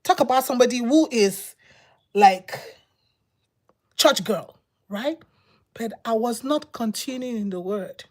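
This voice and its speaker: Animated woman preaching a testimony. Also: fairly high pitch. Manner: animated, repetitive storytelling with dramatic pauses. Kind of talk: personal testimony sermon.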